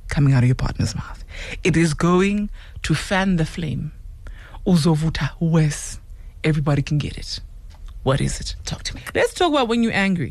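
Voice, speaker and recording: A woman's voice: sits low, darkish tone, no echo. A South African woman hosting a radio show, teasing and laughing with callers in a casual chat. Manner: playful, teasing, often laughing. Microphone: studio microphone.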